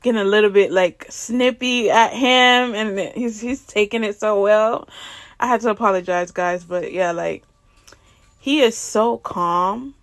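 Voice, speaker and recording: A woman telling a personal faith testimony in a lively way, laughing and acting out the dialogue as she goes. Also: medium pitch, measured pace, dry recording, clean studio sound. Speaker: ministry speaker.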